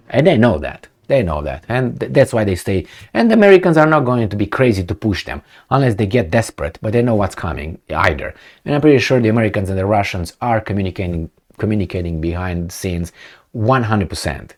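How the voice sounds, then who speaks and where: A man hosting a casual political commentary, blunt and animated, who acts out imagined conversations as he goes. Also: fairly low pitch, brisk.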